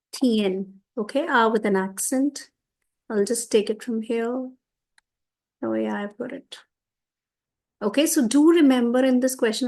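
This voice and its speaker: A woman teaching French grammar for a school exam, explaining each answer step by step and slowing down on the French. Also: on the high side, darkish tone. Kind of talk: exam revision lesson.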